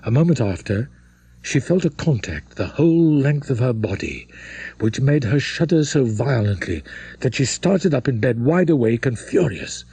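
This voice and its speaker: A man narrating a classic novel in a dramatic, measured storytelling manner. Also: mid-range voice, sing-song, dark tone, breathy edge. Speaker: audiobook narrator.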